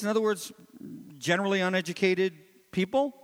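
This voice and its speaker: A male preacher giving an expository sermon, teaching animatedly and swinging between loud emphasis and low asides. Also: big pitch swings, moderate pace. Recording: long hall reverb.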